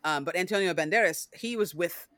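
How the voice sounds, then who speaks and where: A woman hosting a podcast in casual chat, animated, with many fillers, acting out scenes as she talks. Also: lowish voice, a little fast, no room sound, studio quality. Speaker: podcast host.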